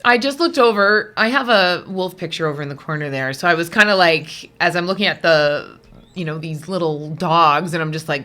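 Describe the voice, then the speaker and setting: Woman tarot reader, low-ish voice with a bright edge; chatty, digressive, emotional, reading casually to viewers. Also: fairly quick. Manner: chatty, rambling, digressive with many fillers; emotional, easily moved.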